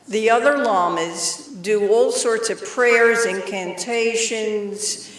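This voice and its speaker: Unhurried older woman lecturing in a roomy hall. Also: mid-range voice. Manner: chatty, with joking asides to the audience. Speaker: study group presenter. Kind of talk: informal talk to a study group. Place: synagogue meeting room. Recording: roomy and distant from the mic.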